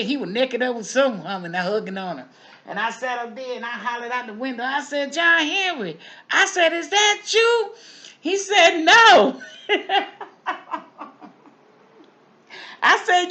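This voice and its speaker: A woman's voice: high voice, pushed and bright. A woman playing a gossipy window-watching neighbor lady. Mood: musing, then gossiping. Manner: folksy, chatty, repeats "I tell you". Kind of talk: comic character monologue.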